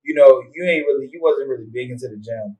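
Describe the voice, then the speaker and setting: A man's voice: medium pitch, quick pace, a little mellow, low-quality recording. A man co-hosting a podcast in casual chat, easygoing and teasing, often stopping and restarting his sentences. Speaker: podcast co-host.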